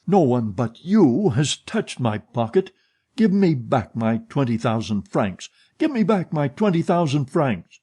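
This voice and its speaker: A man voicing an agitated middle-aged opera manager in an audiobook, pleading and accusing loudly. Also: medium pitch, unhurried, breathy edge. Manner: excited, pleading, shouting accusations. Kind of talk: audiobook character reading.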